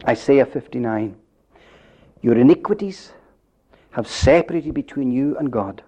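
A man preaching a sermon, building up to emphatic questions and dropping his voice low at the end of phrases. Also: lively intonation, a little slow, warm tone. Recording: dull lo-fi recording.

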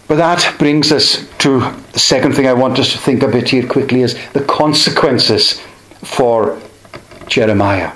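Slow, measured male preacher, echoey room. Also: medium pitch, a bit bright. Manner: slow, measured preaching with pauses between phrases. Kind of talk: sermon.

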